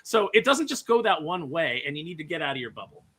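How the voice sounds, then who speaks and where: Guy on a podcast telling a story, kinda husky, bright tone. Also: on the high side, sing-song, fast talker. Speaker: podcast co-host. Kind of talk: casual podcast chat.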